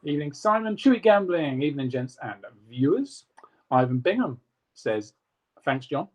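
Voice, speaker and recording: A man co-hosting a casual live stream, reading out viewer comments in a quick, jokey way. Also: a little high, big pitch swings, darkish tone. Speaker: co-host reading live chat.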